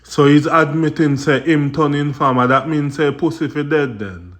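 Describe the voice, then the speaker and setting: A man's voice: on the high side, normal speed. A man with a Jamaican accent hosting commentary on video clips, addressing viewers in patois with an indignant, explaining tone. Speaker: commentary host.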